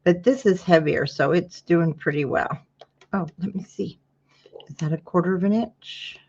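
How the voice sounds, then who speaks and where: A woman hosting a casual paper-craft tutorial, her voice sitting on the lower side. She chats with viewers by name as she measures and trims. The recording is dull and lo-fi. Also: moderate pace, darkish tone, slightly rough. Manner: chatty, greets viewers by name mid-task.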